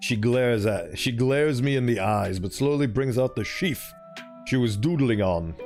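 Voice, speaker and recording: A man's voice: medium pitch, measured pace, darkish tone, faint music behind. A man streaming a game, reading the story aloud and chatting playfully between lines. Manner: playful, chatty, self-interrupting. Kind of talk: let's play with reading aloud.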